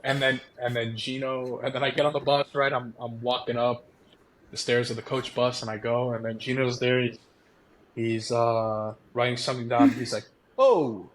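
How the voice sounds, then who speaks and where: A young man, a former college ballplayer, telling stories as a podcast guest in a casual, animated way, laughing often and acting out quotes. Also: medium pitch, normal speed, a little hiss or hum. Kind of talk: casual storytelling.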